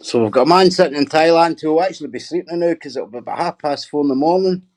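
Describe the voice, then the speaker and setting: A man's voice: a little high, fast, darkish tone. A middle-aged man hosting a casual livestream, reading out viewer comments and answering them with sweary, mocking banter.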